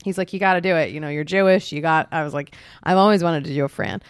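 A woman co-hosting a podcast, telling stories in an animated, casual way and saying "like" often. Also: low voice, fast, clean tone, no room sound, clean studio sound. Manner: animated storyteller, heavy use of "like". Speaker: podcast co-host. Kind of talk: casual chat.

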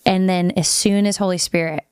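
A woman's voice: fairly low pitch, fairly even intonation, a little fast, a little mellow, clear, resonant tone, dry recording, clean studio sound. A woman talking about her faith in a casual chat, full of "like" fillers. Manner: chatty, many "like" fillers.

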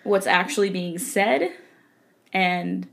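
A woman's voice: on the low side, slow pace, vocal fry. A woman hosting a podcast, reading fan fiction aloud and chatting casually, giggling often. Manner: giggly, laughs often, animated. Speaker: podcast host.

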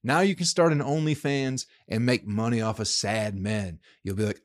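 A man's voice: on the low side, fairly even intonation, normal speed, hardly any pauses. Crude, rambling male podcast host. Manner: crude, rambling, profane storytelling. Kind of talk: casual solo podcast monologue.

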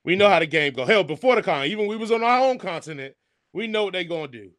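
A man's voice: sits high, animated, quick pace, a bit bright. A man co-hosting a casual podcast, talking emphatically and joking. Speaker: podcast co-host.

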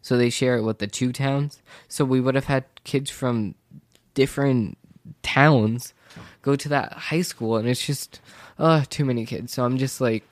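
A man's voice: mid-range voice, fairly even intonation, measured pace, no room sound. A teenage boy casually telling a rambling school story, acting out what everyone said with "I was like.". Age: teens. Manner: rambling, quotes people with "I was like"; self-described sensitive. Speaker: vlogger.

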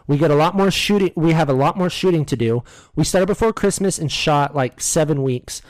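A man's voice: on the high side, fairly quick, darkish tone, dry recording, poor audio. An American man co-hosting a podcast in casual chat, joking and laughing often. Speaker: podcast co-host.

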